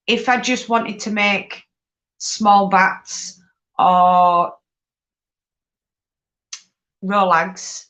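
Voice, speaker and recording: A woman's voice: mid-range voice, a bit bright, highs cut off. A woman chatting casually on a live stream, reading out and answering viewers' questions. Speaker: fibre craft live-streamer.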